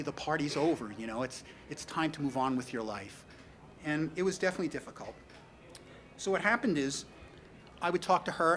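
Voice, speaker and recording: A man's voice: on the high side, fairly bright tone. A middle-aged man with a New York accent giving a rambling, anecdotal eulogy full of "you know" and wry humor. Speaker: speaker at a memorial tribute. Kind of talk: storytelling eulogy.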